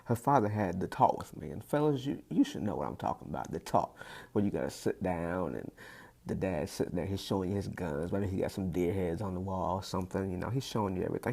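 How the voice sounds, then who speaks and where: A man performing stand-up comedy with a low, gravelly and slightly husky voice. His pitch swings widely as he acts out the people in his story, jumping up high for their lines and dropping back down for the narration. He delivers it as an animated storyteller talking straight to the crowd. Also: fast.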